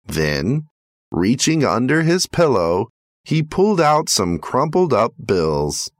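A man's voice: mid-range voice, unhurried, dry recording, studio quality. A man narrating a short moral story, acting out the parts as he reads. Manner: lively, acts out the story.

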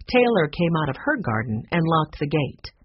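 A husky-voiced reader narrating a children's chapter book in an expressive way. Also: mid-range voice, moderate pace, dull audio. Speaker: storybook reader.

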